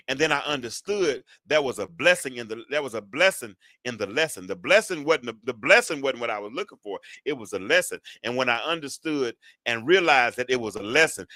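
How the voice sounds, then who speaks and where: A man preaching to his listeners, swinging from quiet reflection to loud, drawn-out exhortation. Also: mid-range voice, lively intonation, no room sound. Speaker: preacher and show host.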